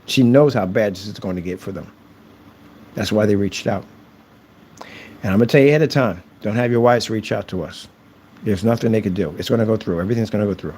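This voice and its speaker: A man's voice: on the low side, fast talker, long pauses, a little mellow, slight background noise. A man ranting to camera about his projector screen, boastful and taunting his critics. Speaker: channel creator reviewing projector screens.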